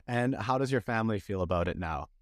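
A man's voice: lowish voice, expressive, fast, no echo, studio quality. A man from Belgium hosting a podcast, asking friendly, curious questions and laughing easily. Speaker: podcast host. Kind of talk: casual podcast interview.

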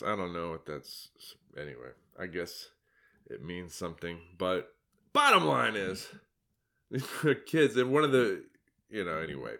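A man's voice: sits low, big pitch swings, unhurried, vocal fry, sharp tone. A man giving sarcastic, mocking solo commentary on his own article, laughing at his own jokes.

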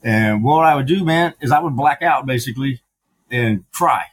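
A man's voice: mid-range voice, normal speed, rough recording. A middle-aged man, a podcast guest, telling his story candidly, with frank, profane talk full of fillers and restarts.

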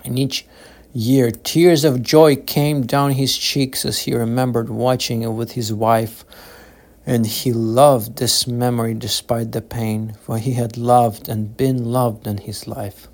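Slow, gravelly male audiobook narrator. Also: mid-range voice, little pitch movement, a little mellow. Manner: slow, measured, solemn reading. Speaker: author reading his own book.

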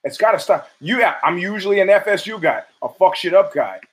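Profane storytelling man, higher-pitched voice. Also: expressive, fairly quick, poor audio. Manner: profane, rambling, stammers and restarts, acts out quoted dialogue. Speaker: podcast host. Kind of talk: casual storytelling monologue.

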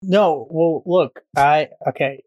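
A man's voice: a little high, takes it slowly, darkish tone, dry recording. A man on a podcast, chatting casually in a rambling, profane, joking way. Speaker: podcast guest.

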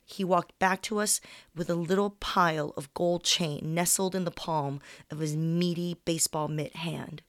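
A young woman comedian reads her own personal story aloud, candid and conversational, as if chatting with a friend. Her voice sits a little low. The recording is dry and close, with no room sound. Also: dry recording.

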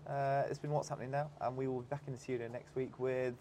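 A man's voice: mid-range voice, level tone, fast talker, dark tone, slight background noise. A man co-hosting a podcast, signing off outdoors by a dock with dry, teasing humor. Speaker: podcast co-host. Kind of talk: casual chat.

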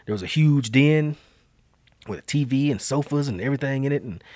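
A man hosting a podcast, telling a story in a lively, slang-heavy way and acting out the quotes. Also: mid-range voice, a little fast, dry recording, clean studio sound. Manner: animated, slangy storyteller who acts out quotes. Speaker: podcast host. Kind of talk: casual storytelling chat.

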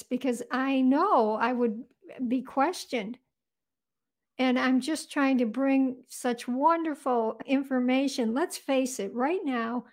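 A woman's voice: high-pitched, darkish tone. A woman being interviewed as an author, earnestly recounting events in vivid detail. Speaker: guest author. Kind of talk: interview storytelling.

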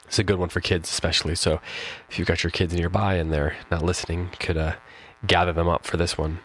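Speaking fast and flatly, this low-voiced man hosts a poetry show, musing casually on a poem with fillers and false starts before reading it out slowly. His tone is a bit bright, and the audio quality is rough.

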